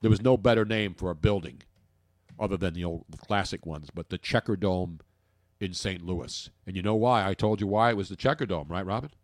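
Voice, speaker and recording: A man co-hosting a sports talk show, ranting and joking in casual banter with big swings in his pitch. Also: fairly quick, no echo, studio quality. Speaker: podcast co-host.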